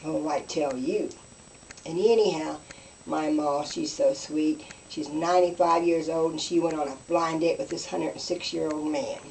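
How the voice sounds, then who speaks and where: Woman comic, folksy deadpan storyteller, distant faint-hissy recording. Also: sits low, moderate pace, vocal fry. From West Virginia. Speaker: comedian. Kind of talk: deadpan hillbilly stand-up routine.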